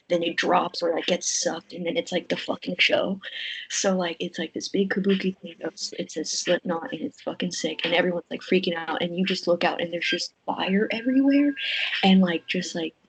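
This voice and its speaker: Excited young woman rambling with swearing. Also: on the low side, slightly rough, low-quality recording. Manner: rambling, heavy on fillers and swearing; excited storytelling. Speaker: podcast guest. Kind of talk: casual chat.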